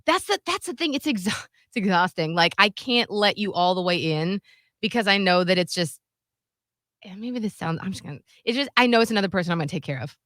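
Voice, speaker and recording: A woman co-hosting a podcast, telling stories in a chatty, animated way. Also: medium pitch, brisk, no echo, studio quality. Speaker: co-host. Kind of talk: casual podcast chat.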